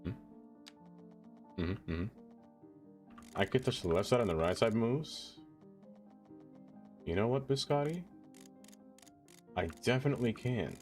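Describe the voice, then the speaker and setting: A man's voice: medium pitch, expressive, unhurried, long pauses, soft background music. A man streaming a city-building game, chatting casually with viewers in a playful, teasing way. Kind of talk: casual live-stream chat.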